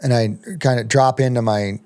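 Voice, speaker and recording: A man's voice: medium pitch, fairly even intonation, moderate pace, darkish tone, clear, resonant tone. A middle-aged man telling a long story as a podcast guest, rambling with many ums and restarts. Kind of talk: casual storytelling.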